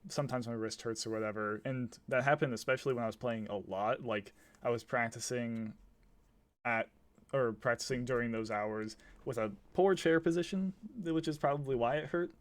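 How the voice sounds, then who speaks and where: Animated young man explaining on a podcast. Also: medium pitch, moderate pace. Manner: animated, laughs while explaining. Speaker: podcast co-host. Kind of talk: casual chat.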